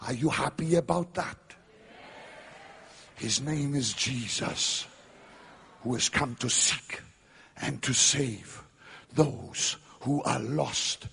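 A man preaching a revival sermon, dramatic and emphatic, building to shouted climaxes. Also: medium pitch, takes it slowly, gravelly, long pauses, husky.

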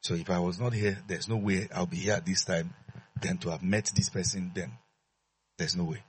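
A man's voice: sits low, fairly even intonation, moderate pace, husky. A man preaching a sermon as pastor, emphatic, repeating his phrases and leading call-and-response with the congregation.

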